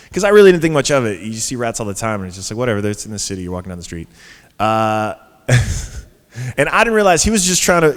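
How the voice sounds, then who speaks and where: A man telling a story on a conference stage in a casual, chatty way, full of fillers and restarts. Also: on the low side. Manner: chatty, lots of fillers and restarts, laughs at his own story. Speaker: panel guest. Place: conference stage before an audience. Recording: hall reverb from a live stage.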